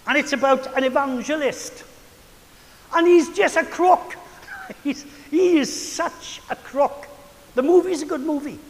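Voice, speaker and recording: A man preaching a sermon with earnest emphasis, his volume rising and falling as he drives his points home. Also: extremely high pitch. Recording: hall reverb with faint hiss.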